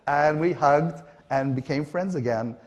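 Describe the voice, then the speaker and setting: The recording is muffled as a middle-aged man from Canada, a panel guest, tells stories on stage in an unhurried, fairly high-pitched voice. Animated and conversational, he acts out quotes and uses many fillers.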